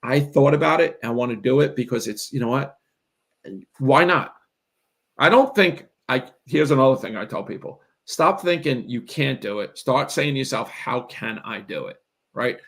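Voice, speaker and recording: Gravelly man giving a motivational talk. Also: mid-range voice, moderate pace. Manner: emphatic, repeats "right?" as a check-in. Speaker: real estate coach. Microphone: video call.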